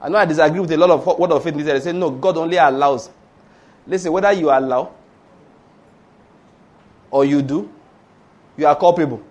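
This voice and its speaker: A man preaching a storytelling sermon, swinging between hushed asides and loud exclamations. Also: a little high, fairly quick, long pauses, dull audio.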